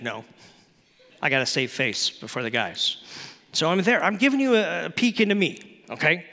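A middle-aged man preaching a sermon, telling a story from his youth with lively acted-out voices. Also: a little high, long reverb tail. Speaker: pastor.

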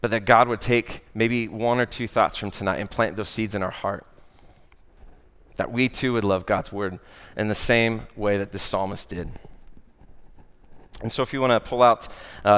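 A man with an American accent, a worship director giving a conversational sermon with a personal story, often pausing on "uh" and asking "right?". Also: fairly low pitch, steady tone, a bit bright, smooth. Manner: conversational, many "uh" fillers and "right?" asides. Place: church or worship hall. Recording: long church-hall reverb.

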